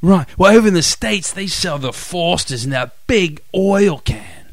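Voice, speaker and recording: A man co-hosting a radio show jokes around on air, goofily hamming up Aussie slang. His voice sits high and is expressive, with a measured pace.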